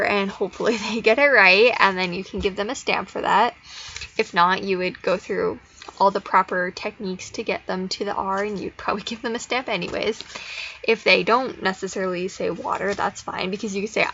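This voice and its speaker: A woman explaining speech therapy activities in a casual, encouraging way. She slows into a sing-song when she models phrases. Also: mid-range voice, fairly even intonation, creaky, fairly bright tone. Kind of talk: instructional explanation with modeled child-directed prompts. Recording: slightly dull audio with faint noise.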